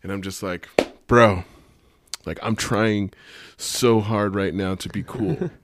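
A low-voiced man chatting on a casual podcast, telling his stories with lively swings in energy and acting out what people said. The sound is dry and close, with no room echo. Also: slow. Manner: animated storytelling, acts out quoted dialogue. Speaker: podcast co-host. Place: Reno.

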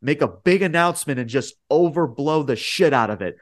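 A man co-hosting a casual wrestling podcast, talking in an animated, rambling way that rises sharply when he gets worked up. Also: fairly high pitch, fairly quick. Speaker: podcast co-host.

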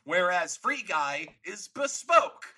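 A man talks through a film in an easy, chatty way, often breaking into laughter. His voice sits high and has a husky edge. The tone is bright and forward. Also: big pitch swings, takes it slowly, low-quality recording. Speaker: podcast co-host. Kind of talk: casual movie discussion.

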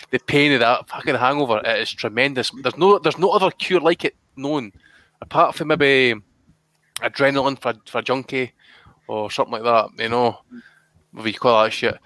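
A man co-hosting a podcast, telling long, sweary stories in a loose chatty way. His voice is bright and forceful. The sound is dry and close. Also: mid-range voice, dry recording. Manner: rambling, sweary storytelling. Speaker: podcast co-host. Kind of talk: casual chat.

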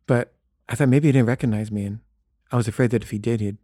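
A man's voice: mid-range voice, fairly even intonation, quick pace, mellow, no echo. Man spinning a self-deprecating true story, loose and chatty, dry close sound. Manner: casual, self-deprecating, frequent "like" fillers. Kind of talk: comic personal storytelling.

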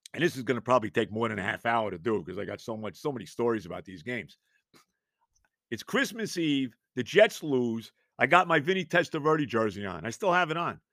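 A man's voice: mid-range voice, fairly bright tone, no room sound, studio quality. A man in his fifties, a podcast host, telling rambling, exasperated stories in a casual monologue. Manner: rambling, exasperated, self-mocking.

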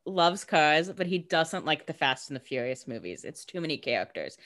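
A woman with a lowish voice chats casually about a TV episode, tossing in wry jokes. Her pitch swoops widely from line to line, and her delivery is expressive and teasing. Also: normal speed. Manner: wry, joking asides with big swings in pitch. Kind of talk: casual TV recap chat.

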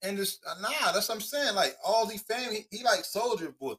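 A man co-hosting a podcast, chatting in a relaxed, slangy way and arguing his points. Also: high voice, a little fast. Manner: laid-back, slangy, argues his point. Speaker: podcast co-host. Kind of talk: casual chat.

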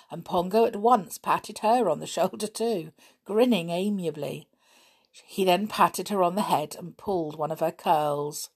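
A woman reading a children's book aloud in a lively way, giving the characters voices. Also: on the low side, gravelly, slightly rough. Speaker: storybook reader.

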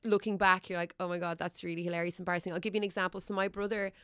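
Smooth-voiced woman host. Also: on the low side, level tone, rapid-fire, pushed and bright, dry recording, clean studio sound. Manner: easygoing, chatty, laughs often. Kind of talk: casual chat.

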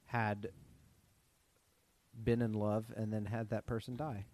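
A man's voice: on the low side, flat delivery, slow, a little mellow, no echo. A man co-hosting a casual TV recap podcast, jokey and sarcastic, swearing casually. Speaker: podcast co-host. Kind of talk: casual chat recapping a TV show.

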